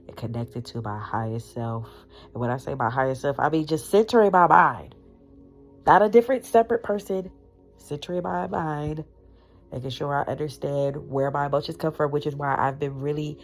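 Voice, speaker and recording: A woman in her thirties with a notably low voice talks straight to camera, blunt and profane. She leans hard on her words in a candid, unscripted monologue. Faint music sits underneath her. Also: a little mellow. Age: 30s. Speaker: vlogger.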